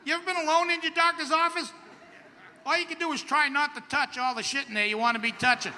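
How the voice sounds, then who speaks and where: A middle-aged man works a stand-up set with a wry, self-deprecating, punchy delivery. His voice sits unusually high and cuts through sharply bright. The live stage sound carries a long reverb tail over faint crowd ambience. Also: fairly even intonation, fast, slight background noise. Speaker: stand-up comedian. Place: outdoor comedy stage at a camp festival.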